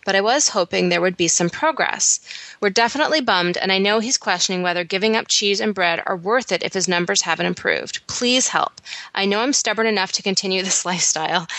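A woman's voice: medium pitch, a bit bright, no room sound. A woman from Canada co-hosting a casual podcast, laughing easily and reading a listener's letter aloud. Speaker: podcast co-host.

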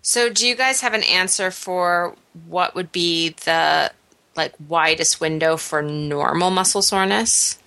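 A woman's voice: fairly low pitch, unhurried, vocal fry, bright, forceful tone, no echo. A woman hosting a podcast in casual chat, upbeat and enthusiastic.

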